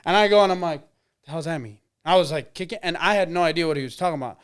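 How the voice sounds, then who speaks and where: Fast-talking young man telling stories. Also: fairly high pitch, clear, resonant tone. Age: 20s. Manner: rambling, lots of fillers and quoted dialogue. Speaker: interview guest, MMA fighter. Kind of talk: casual storytelling.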